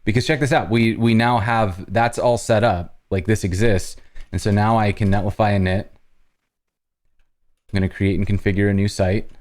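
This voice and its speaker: Low-voiced man talking through live coding. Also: steady tone, a little mellow. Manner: talks through each step as he types, halting restarts. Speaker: host live-coding on stream. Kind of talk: casual live-coding chat.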